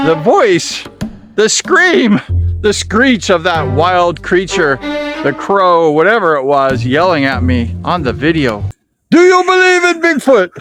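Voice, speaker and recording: A man telling an excited story while vlogging outdoors in a mountain jungle. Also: high-pitched. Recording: music playing underneath.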